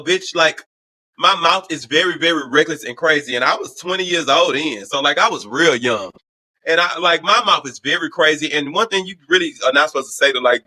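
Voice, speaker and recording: A man from Houston hosting a show, telling a wild prison story in a loud, profane, gossipy way. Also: on the high side, no room sound. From Houston, Texas. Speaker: host. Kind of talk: casual storytime commentary.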